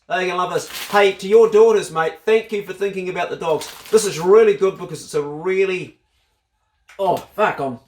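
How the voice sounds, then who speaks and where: A New Zealand man vlogging casually, excitable and swearing freely as he unpacks a parcel. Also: high-pitched, roomy sound. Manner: excitable, swears freely, bursts into loud exclamations. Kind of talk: casual vlog unboxing.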